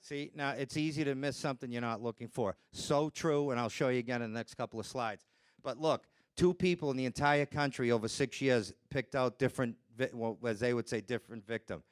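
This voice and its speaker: A man lecturing on nonverbal communication as a trainer, animated and acting out other people's voices as he presents with slides. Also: medium pitch, brisk, clear, resonant tone.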